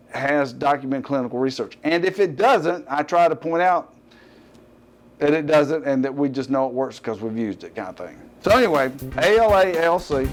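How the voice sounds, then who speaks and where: A middle-aged man with a Southern accent hosting a fitness TV show, talking casually, rambling and cutting himself off with joking asides. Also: mid-range voice. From US Gulf Coast. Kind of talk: casual unscripted TV talk.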